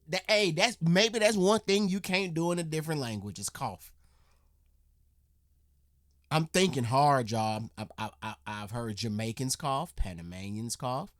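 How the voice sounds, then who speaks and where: A man hosting a reaction video, rambling and thinking out loud in casual slang. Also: on the high side, dry recording, studio quality.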